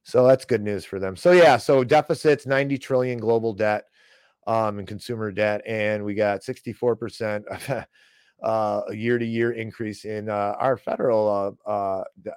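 A man's voice: fairly low pitch, a little mellow, smooth, no room sound. A man hosting a podcast, talking in a sarcastic, rambling way. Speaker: podcast host. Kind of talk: casual commentary.

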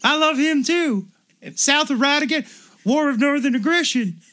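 A man putting on the voice of a loud, bigoted, drunk cartoonish man, hollering high and shrill, sometimes from off the mic. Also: normal speed. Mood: ranting.

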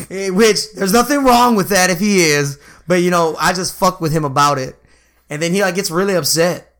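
A man's voice: high-pitched, moderate pace, a bit bright. A young man co-hosting a casual podcast, telling profane, slangy stories full of quoted asides. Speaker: podcast co-host. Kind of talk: casual chat.

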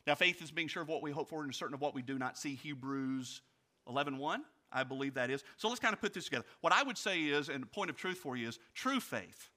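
A male pastor preaching a sermon, asking his congregation direct questions and swinging from loud storytelling to quiet reflection. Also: fairly high pitch, fast. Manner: animated storytelling, rising loud for anecdotes, dropping quiet for reflection.

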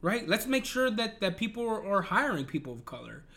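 A man's voice: sits high, big pitch swings, brisk, gravelly, pushed and bright. A man in a casual, profane rant, talking in an exasperated and emphatic way. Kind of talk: casual ranting commentary.

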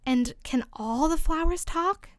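A woman's voice: high-pitched, lively intonation, normal speed, pushed and bright, dry recording, clean studio sound. Woman voicing Alice, a timid curious girl. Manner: timid, eager questioning.

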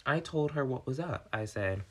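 A man who works as a manager, telling a workplace story in a casual vlog, animated and swearing, swinging from calm to worked up. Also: mid-range voice, moderate pace, a little hiss or hum. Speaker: vlogger, restaurant manager.

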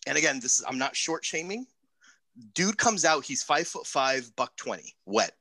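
A man's voice: fairly high pitch, big pitch swings, moderate pace, gravelly, bright, forceful tone, no echo. Profane young man telling a story. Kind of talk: casual storytelling.

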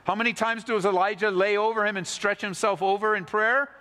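A male pastor giving an animated sermon, reading scripture and teaching with emphatic, rising delivery. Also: fairly quick, long reverb tail. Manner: animated preaching, voice rising high when acting out the widow's excitement.

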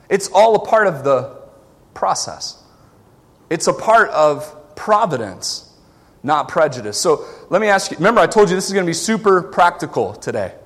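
A man from the American South with a Southern accent, preaching a sermon as pastor, swinging between loud exhortation and quiet asides. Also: high voice, sing-song, moderate pace, big-room sound.

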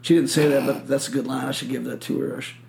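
Gravelly man telling a rambling story. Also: mid-range voice, flat delivery, fast talker, darkish tone. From Michigan. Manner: rambling storyteller, swears a lot, acts out quotes. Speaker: podcast host. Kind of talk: casual chat.

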